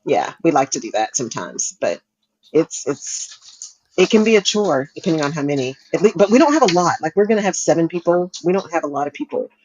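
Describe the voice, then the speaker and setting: A woman's voice: low voice, very animated, fairly quick, a little mellow, a little hiss or hum, low-quality recording. A woman co-hosting a talk show, chatting casually and laughing often as she talks. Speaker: podcast co-host. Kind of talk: casual chat.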